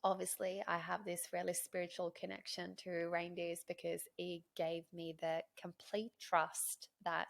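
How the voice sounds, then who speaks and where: A woman in her thirties, a podcast host telling a personal story in an animated, emotional way. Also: on the low side, unhurried, gravelly, hardly any pauses. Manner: animated, emotional storyteller who acts out dialogue.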